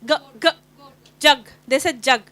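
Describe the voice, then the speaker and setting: A woman with an Indian accent running a phonics workshop for teachers, sounding out letters slowly and repeatedly as she quizzes the group. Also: high-pitched, bright, forceful tone. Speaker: teacher trainer.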